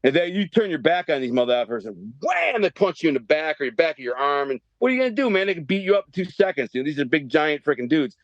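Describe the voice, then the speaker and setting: Podcast guest, man, 50s, from Detroit. Slightly higher voice, animated slangy storyteller, muffled dry recording. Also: quick pace, hardly any pauses, dry recording. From Detroit area, Michigan. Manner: animated, profane street-slang storytelling, lots of "bro". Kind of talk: storytelling interview.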